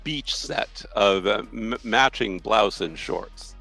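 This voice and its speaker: A man's voice: lowish voice, slow pace, gravelly, bright, forceful tone, faint music behind, rough recording. A man acting as game master, narrating a tabletop role-playing scene loosely, with frequent restarts.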